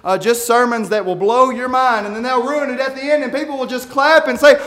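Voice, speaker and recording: A man preaching a sermon, reading scripture aloud and swinging from quiet musing to shouted peaks. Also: high-pitched, animated, moderate pace. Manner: reads scripture aloud in King James wording.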